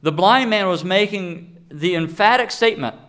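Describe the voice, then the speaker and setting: Male preacher, sermon delivery, emphatic and deliberate, voice sitting a bit high. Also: lively intonation, a bit bright, clean tone. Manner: emphatic, with deliberate slowed phrases.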